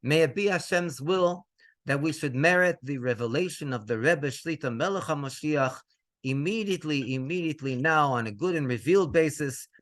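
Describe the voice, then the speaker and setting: A male rabbi telling a story in a lively way, mixing in Hebrew phrases and laughing between lines. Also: a little high, moderate pace. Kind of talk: storytelling to an audience.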